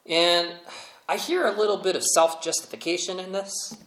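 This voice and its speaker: A male pastor preaching a sermon, telling the story in a relaxed, humorous, conversational way. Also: high voice, brisk, roomy sound, low-quality recording.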